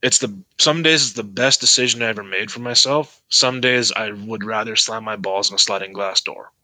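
A man's voice: fairly low pitch, moderate pace, bright, forceful tone, no room sound, poor audio. A man, a mechanic guest on a podcast, talking bluntly and swearing freely in casual chat. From Canada.

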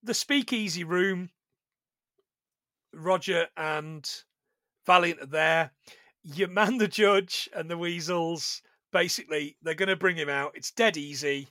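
A man hosting a casual podcast chat, joking, swearing and putting on quick voices for the characters he retells. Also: on the high side, sharp tone, no room sound. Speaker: podcast host.

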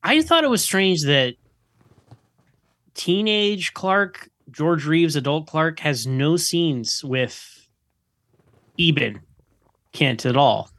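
A guest on a podcast in relaxed chat, with a voice pitched a little higher than most men's. He is casual and wry, with a joking aside now and then. The sound is dry and close to the mic. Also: takes it slowly, long pauses, no room sound.

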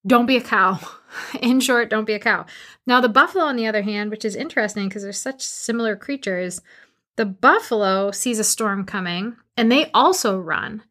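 A woman coaching listeners in a solo motivational talk, with a fairly high voice. She speaks with energy and emphasis and drives her points home with short repeated commands. She records from a quiet barn studio. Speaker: business coach and podcast host.

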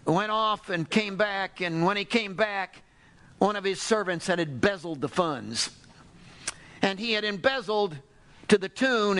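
A man preaching a sermon to a congregation, telling a parable with animated storytelling and acting out the characters. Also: sits high. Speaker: pastor.

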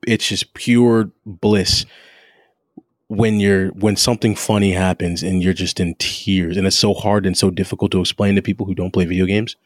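Man, lowish voice, eager and emphatic, dry recording. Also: steady tone, no echo. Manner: enthusiastic, drawn-out emphasis, many restarts. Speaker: podcast co-host. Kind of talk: casual chat about video games.

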